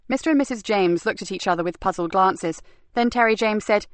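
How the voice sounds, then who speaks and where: A woman narrating a crime novel audiobook in a steady, even storytelling manner. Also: medium pitch, a little fast, no echo. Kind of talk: scripted narration.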